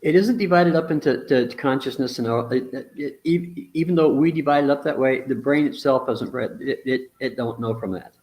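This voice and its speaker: A man's voice: mid-range voice, brisk, few pauses, darkish tone. A man in a casual discussion, explaining ideas bluntly with restarts, mild swearing and acted-out quotes. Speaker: relationship teacher in a conversation.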